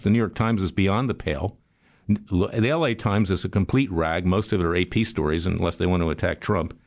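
An older man delivering a sarcastic political commentary monologue, telling stories and jokes. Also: sits low. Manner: sarcastic, storytelling, animated.

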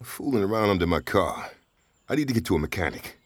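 An anxious stranded traveler, played by a man, talking fast and pleading in a lively, up-and-down voice. His nerves show as he goes from wheedling to shouting for help. The recording is dry and close in this audio drama. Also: deep voice, dry recording. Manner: jittery, pleading, bursts into yelling for help. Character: stranded wary man from Detroit, rattled, talkative.

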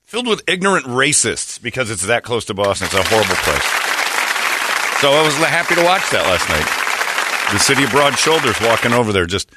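A man's voice: medium pitch, big pitch swings, fairly quick, a loud crowd, heavy background noise. A man hosting a morning radio show, ranting and mocking in casual banter. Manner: brash, mocking, ranting, slips into put-on voices. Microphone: studio microphone. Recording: dry studio sound.

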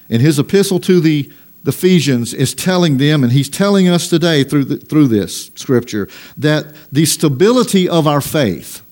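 A man's voice: fairly high pitch, darkish tone. Emphatic man preaching a sermon. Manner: preaching with emphatic, rising stresses and slow drawn-out lines; reads scripture aloud in old-fashioned wording. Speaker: pastor.

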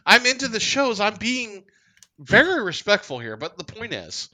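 A man with a very bright, forward voice chats casually on a comedy podcast. He plays things deadpan and mock-serious, even when the story is silly. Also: sits high, moderate pace. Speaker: podcast co-host.

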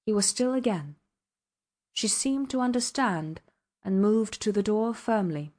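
In this scripted narration, a woman reads from a classic novel at medium pitch, keeping her audiobook delivery steady and even.

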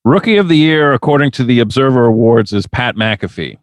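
A man's voice: medium pitch, expressive, fairly quick, no room sound. A man co-hosting a podcast, riffing with sarcasm and plenty of swearing. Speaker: podcast co-host. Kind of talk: casual chat.

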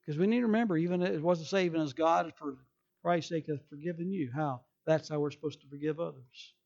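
A man's voice: on the high side, fairly quick, creaky, a little mellow, highs cut off. A male pastor preaching a sermon emphatically, acting out people's excuses in quoted voices.

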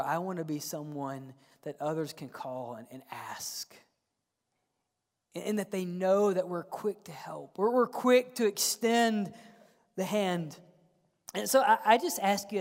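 A male pastor delivers a sermon in a church, swinging between loud emphatic calls and hushed near-whispers. He repeats words as he presses each point home. His voice rings through a long, echoing church hall. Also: high voice, a little slow.

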